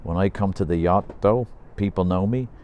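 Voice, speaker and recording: Low, mellow Irish narrator. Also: male voice, moderate pace. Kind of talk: audiobook narration.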